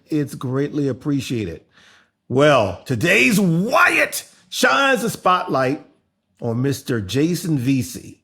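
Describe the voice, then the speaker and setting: A man's voice: on the high side, fairly bright tone. A man hosting a podcast interview, flamboyant and playful, with exclamations and teasing asides. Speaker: podcast host.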